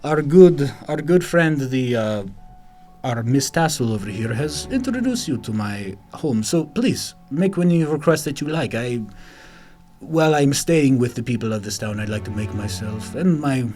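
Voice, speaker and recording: A man voicing a charming male vampire noble with a put-on Russian accent, courtly and slow. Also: medium pitch, expressive, darkish tone, faint music behind, voice pushed up, close to an everyday voice. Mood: suave.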